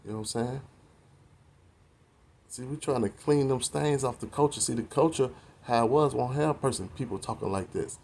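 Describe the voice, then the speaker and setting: A man's voice: medium pitch, normal speed, creaky, pauses often, darkish tone. A man in his forties delivering a preachy, confrontational rant to the camera, full of slang and cursing. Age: 40s. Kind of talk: profane street-talk rant to the camera.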